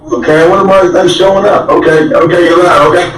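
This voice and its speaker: A man's voice: high voice, fairly even intonation, fairly quick. A man calling in to a talk show, talking loosely and casually. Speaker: guest caller. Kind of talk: casual chat. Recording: echoey, distant.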